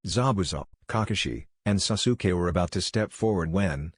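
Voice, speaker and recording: A man narrating a fan fiction story in an even, steady reading. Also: deep voice, moderate pace, few pauses, husky, dry recording, studio quality.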